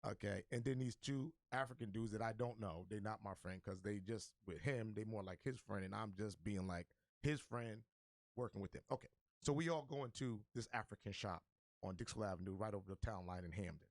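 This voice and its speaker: A man who is a guest on a talk radio show, telling a funny story in an animated, joking way with plenty of street slang. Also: on the low side, fairly quick, no room sound, studio quality. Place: radio studio.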